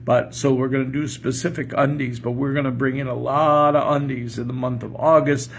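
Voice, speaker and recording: A man's voice: medium pitch, flat delivery, fairly quick, vocal fry. An older man who is a pastor, chatting casually and rambling with chuckles as he tells jokes on a morning show. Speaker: pastor and podcast host. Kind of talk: casual morning chat and joke telling. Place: home porch.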